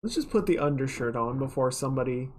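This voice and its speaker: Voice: medium pitch, animated, fast. Rambling, casual livestreamer. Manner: rambling, chatty, swears casually. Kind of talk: casual chat while working on stream.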